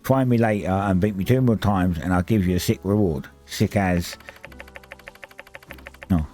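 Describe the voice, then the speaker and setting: A man's voice: on the low side, lively intonation, measured pace, a little mellow, breathy edge. A man voicing a brash male talking kangaroo in a put-on Australian accent, full of slang and mock-tough taunts, with music behind. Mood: boastful. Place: home streaming setup.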